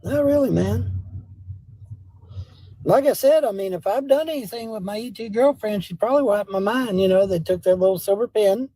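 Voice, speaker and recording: A man's voice: sits high, fast talker, hardly any pauses, mellow, dry recording. A man chatting casually on a live stream, rambling and talking to his dog between comments. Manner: rambling, talks baby talk to his dog. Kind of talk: casual livestream chat. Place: home with a dog.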